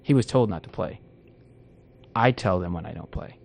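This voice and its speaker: A man's voice: low-pitched, animated, moderate pace, creaky, darkish tone. A man hosting a casual podcast interview, enthusiastic and rambling, often restarting his sentences. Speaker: podcast host. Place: indoor podcast studio.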